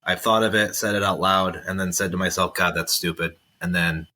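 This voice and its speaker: A man's voice: low voice, fairly even intonation, fairly quick, pushed and bright. A man talking as a comedian guest in casual chat, rambling with many fillers.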